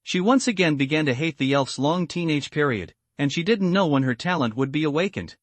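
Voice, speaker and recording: A man reading a translated comic story aloud as a recap narrator, in a steady, even manner. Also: fairly high pitch, brisk, no room sound.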